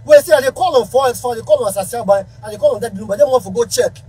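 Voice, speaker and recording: A man's voice: extremely high pitch, very fast, dark tone, a little hiss or hum, rough recording. A man speaking Ghanaian Pidgin English, a musician ranting angrily to camera in a heated, confrontational way. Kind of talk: angry rant to camera.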